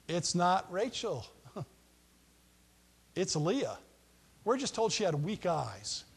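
Joking pastor preaching in a hall. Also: male voice, sits high. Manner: conversational, joking storyteller acting out quotes. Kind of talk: sermon.

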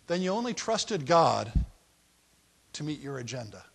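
High-voiced man preaching a sermon. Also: very animated, normal speed, vocal fry, pauses often, a bit bright, breathy edge. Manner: acts out the people in the story in a raised voice. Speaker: pastor.

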